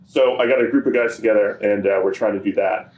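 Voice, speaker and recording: A man appearing as a podcast guest, talking about his work in a relaxed, rambling way full of fillers. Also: lowish voice, fast talker, dull audio. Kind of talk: casual chat.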